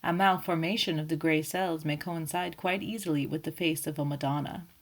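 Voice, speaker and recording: A woman voicing an elderly, fussy male Belgian detective, speaking gently and ironically in an audiobook. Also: low voice, steady tone, fairly quick. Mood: ironic, teasing. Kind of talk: audiobook character voice.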